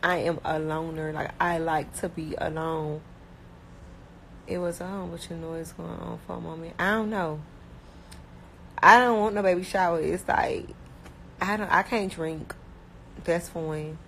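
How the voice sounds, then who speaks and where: A young woman from Miami with a Miami accent, chatting casually and bluntly, talking fast with lots of slang and filler words. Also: lowish voice, fairly even intonation, vocal fry, a bit bright, a little hiss or hum, poor audio. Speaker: rapper talking about her life. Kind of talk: casual chat.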